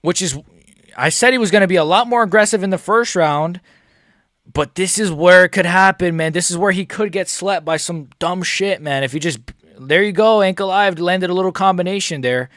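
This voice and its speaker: A young man with a fairly high, bright, forceful voice talks through a live fight. His reaction commentary is casual and profane, muttered along to the action for his viewers. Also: normal speed, no room sound, clean studio sound. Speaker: MMA streamer.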